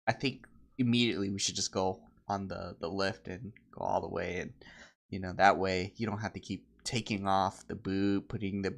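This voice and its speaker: A man co-hosting a podcast, chatting casually and telling stories, acting out quoted people in high voices. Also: moderate pace, vocal fry. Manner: animated storyteller, acts out quotes in high voices. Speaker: podcast co-host. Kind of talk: casual chat.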